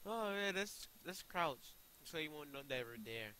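A young man giving excitable live commentary over his own gameplay, often yelping and laughing. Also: on the high side, takes it slowly, a little hiss or hum, rough recording. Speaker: gaming YouTuber.

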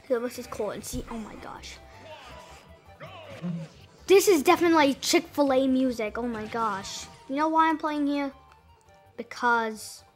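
A high-pitched woman chatters through casual let's-play commentary. She is excitable and rambling, restarting her sentences and exclaiming often. Game music plays faintly under her voice. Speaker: gameplay commentator.

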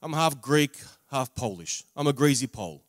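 Man, preacher, testimony sermon, big loud-to-soft swings, dry close sound. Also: medium pitch, lively intonation, no room sound. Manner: dramatic swings in loudness, drawn-out emphatic words; humorous asides. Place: large camp meeting venue.

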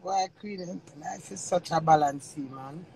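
A woman's voice: fairly low pitch, slow, gravelly, a little mellow, a little hiss or hum, low-quality recording. A woman with a Jamaican accent giving a rambling, emotional personal monologue with frequent swearing. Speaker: reality TV personality.

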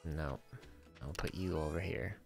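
A man with a very low, gravelly voice chats loosely while he plays, half talking to himself as he potters through a game. Faint music runs underneath. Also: a little slow. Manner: relaxed, talks to himself while playing. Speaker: streamer. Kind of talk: casual gaming stream chat.

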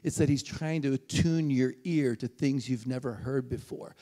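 A man preaching a sermon in a church, telling a funny story with lively, animated delivery. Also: normal speed. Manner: animated, jumps high when acting out his excited self. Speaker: guest preacher. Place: church sanctuary.

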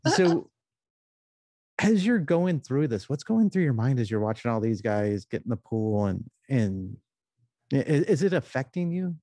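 A man hosting an interview podcast, asking measured, probing questions. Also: medium pitch, sing-song, warm tone, no room sound. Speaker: podcast host.

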